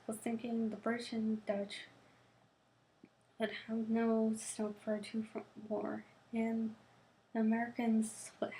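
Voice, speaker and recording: A woman's voice: on the high side, warm tone, rough recording. A young woman, a student, reading a novel aloud, often tripping and restarting words and adding casual asides. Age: young adult.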